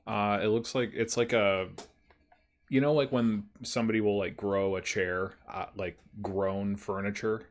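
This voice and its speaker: A man's voice: lowish voice, fairly even intonation, a little slow, a little hiss or hum. A man playing a tabletop game, describing his character's actions casually with many fillers. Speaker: player.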